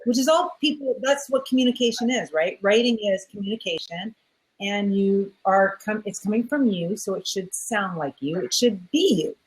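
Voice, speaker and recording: A woman's voice: mid-range voice, normal speed, poor audio. A woman hosting a podcast interview, encouraging and affirming her guest. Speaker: podcast host.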